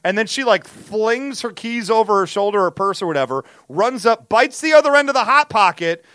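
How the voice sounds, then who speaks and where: A man's voice: high-pitched, a little fast, no echo. An American man co-hosting a casual chat show, ranting animatedly about commercials. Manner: animated, ranting, does silly voices. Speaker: podcast co-host.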